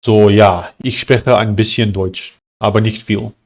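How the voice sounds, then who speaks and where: A young man live-streaming his coding work, thinking aloud and reading out chat in a loose, halting way with many fillers. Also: fairly low pitch, steady tone, darkish tone, highs cut off. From South Africa. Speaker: live-streaming software developer.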